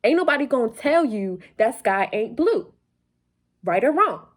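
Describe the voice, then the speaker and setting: Talking motivationally straight to camera, this vlog host has a fairly high voice with big pitch swings and an unhurried delivery. She brings a giddy late-night energy, preaching playfully and repeating lines to drive them home.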